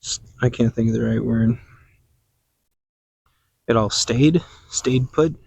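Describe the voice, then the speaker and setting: A man rambling through a casual podcast while out working in his orchard. He talks slowly in a middle-pitched voice, musing and meandering and stopping to search for words. The sound is close and dry. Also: gravelly, darkish tone, breathy edge, dry recording. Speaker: podcast host. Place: outdoors in a garden orchard.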